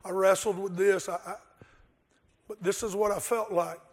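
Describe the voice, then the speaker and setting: A man's voice: sits high, steady tone, normal speed. A male pastor delivering an earnest sermon, with rhetorical questions and a told story.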